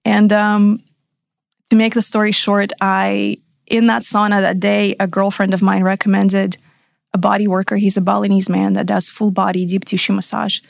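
A woman's voice: mid-range voice, level tone, moderate pace, creaky, no room sound, clean studio sound. A woman in her thirties, a podcast guest, telling her personal story frankly and emphatically, sometimes swearing.

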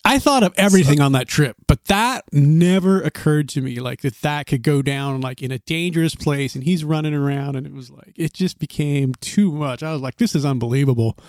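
Animated man telling a rambling story. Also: fairly high pitch, normal speed, hardly any pauses, dry recording, studio quality. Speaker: podcast co-host telling trail stories. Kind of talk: casual chat.

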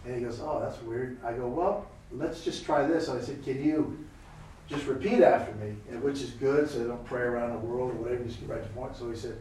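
A man's voice: medium pitch, brisk, a little hiss or hum. A man telling a story in a sermon about prayer, acting out the voices of the people in it. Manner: animated, acts out voices in anecdotes. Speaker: preacher. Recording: echoey room from far off.

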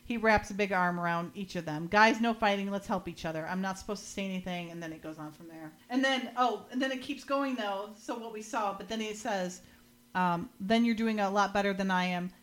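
Fairly quick and a bit bright, her medium-pitched voice keeps a steady tone. She's a woman casually going over a TV episode on her podcast, quoting characters with some playful acting and frequent laughter.

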